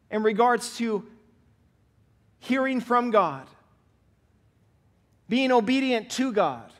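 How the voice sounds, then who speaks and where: High-voiced earnest male preacher. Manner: earnest, emphatic preaching with repeated exhortations. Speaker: pastor. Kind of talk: sermon.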